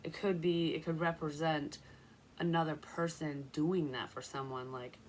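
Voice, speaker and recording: A woman's voice: low-pitched, steady tone, normal speed, creaky, background noise. A young woman doing a casual tarot reading, rambling through personal stories and swearing freely. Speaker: psychic tarot reader.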